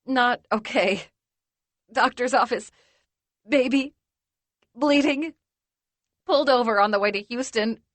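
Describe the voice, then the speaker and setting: A woman performing a frightened young woman who is crying. Her voice wobbles and breaks into short, halting phrases. The recording is dry and close. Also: fairly high pitch, a bit bright, dry recording. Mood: tearful. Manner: wobbly, halting speech between sobs.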